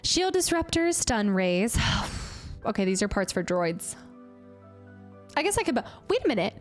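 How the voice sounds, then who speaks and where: A young woman streaming a game talks chattily and giggles as she plays and reads out her chat. Her voice sits high, with quiet game music running underneath. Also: sing-song, moderate pace. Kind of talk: live gameplay commentary.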